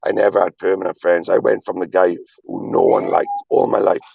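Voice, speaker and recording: A man's voice: deep voice, flat delivery, fairly quick, no room sound. A man livestreaming, talking in a rambling, emphatic confessional way with frequent swearing and repetition. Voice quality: gravelly, husky. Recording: dull lo-fi stream audio.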